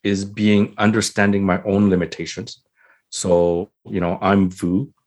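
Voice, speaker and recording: A man's voice: low-pitched, little pitch movement, measured pace, a little mellow. A middle-aged man, a family and emergency doctor, explaining earnestly with rhetorical questions and acted examples. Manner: earnest, uses rhetorical questions and repeats "right?".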